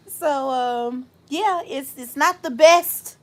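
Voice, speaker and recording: A young woman hosts a casual livestream, speaking at a slow, unhurried pace. She turns reflective between bursts of laughter and thanks her viewers by name. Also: high voice. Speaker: host.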